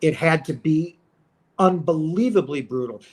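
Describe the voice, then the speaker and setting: A man's voice: a little high, unhurried. A man hosting his own channel, speaking in an emotional, impassioned monologue to his viewers, repeating phrases as he rants. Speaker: channel host.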